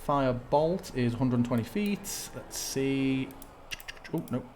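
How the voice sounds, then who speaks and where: A man in the game master's chair, narrating a tabletop game at a mid pitch, with a faint hum behind him. He thinks aloud as he looks up rules and describes what the characters do. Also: lively intonation, slow, a little mellow.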